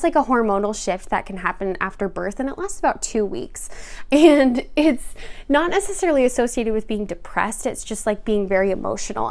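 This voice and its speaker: A young woman vlogger and new mother talking casually to camera, chatty and emotional, laughing often and using lots of fillers. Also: a little high.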